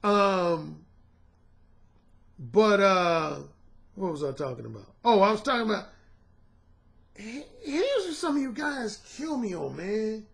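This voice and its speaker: A man's voice: high voice, sing-song, slow, vocal fry, long pauses, fairly bright tone. A man working as a dating coach, talking casually and straight to his audience in a slangy, profane, emphatic way. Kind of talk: casual monologue to camera.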